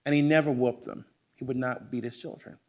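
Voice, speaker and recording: A man's voice: mid-range voice, a little fast. An American man giving a book talk in a bookstore, telling family stories to an audience and acting out the voices of his relatives. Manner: animated, acts out family voices. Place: bookstore event room.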